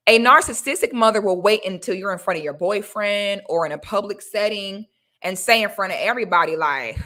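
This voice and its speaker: Woman vlogger, bright tone, blunt and preachy, talks straight to the audience. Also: medium pitch, expressive, a little fast. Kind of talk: casual advice talk to viewers.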